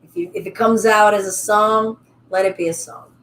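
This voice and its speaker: Yoga teacher lady, calm and soothing, gets playful and chatty, live class at home. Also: mid-range voice, normal speed, slight background noise, rough recording. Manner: calm, soothing guidance turning upbeat and playful. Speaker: yoga instructor.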